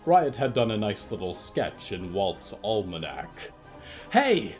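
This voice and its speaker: Male narrator, low voice, slow and measured, dark fiction podcast. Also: lively intonation, faint music behind. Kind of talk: scripted narration of horror fiction.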